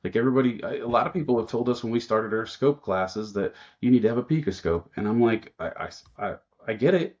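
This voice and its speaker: A man's voice: medium pitch, fast talker, few pauses, dull audio. A man guesting on a podcast as an automotive trainer, telling shop stories in a casual way and acting out the lines of people he quotes. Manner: animated storyteller who acts out quotes.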